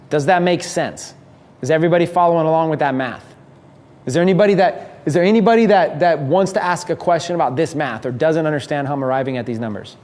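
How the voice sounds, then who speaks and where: A man with a slightly raised voice teaches a room in a live seminar. He talks in a lively, conversational way and voices the doubts his listeners might have. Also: high-pitched. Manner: energetic, conversational, acts out listeners' thoughts. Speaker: business speaker teaching a mastermind.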